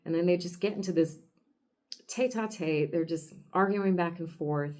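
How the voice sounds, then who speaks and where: Woman, podcast host, retelling a comic, animated storytelling, laughs often, low voice. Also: moderate pace.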